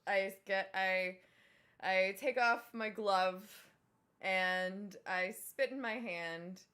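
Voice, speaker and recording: A woman playing a tabletop game, animated and giggly, describing her character's actions. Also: medium pitch. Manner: animated and giggly, slow drawn-out delivery. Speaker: player. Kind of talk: tabletop game play, casual chat.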